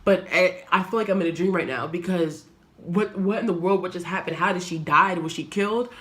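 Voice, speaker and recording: A young woman vlogger speaking earnestly to her camera, telling a personal story in a halting, reflective way. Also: on the low side, fairly bright tone. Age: young adult.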